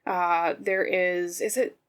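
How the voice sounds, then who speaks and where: A tarot reader from Minnesota hosts her channel with a casual, rambling pick-a-card reading, her Minnesotan accent clear in a lowish, fairly even, resonant voice that moves slowly. Chatty throughout, she keeps checking in with the viewer, asking "okay?" and "right?"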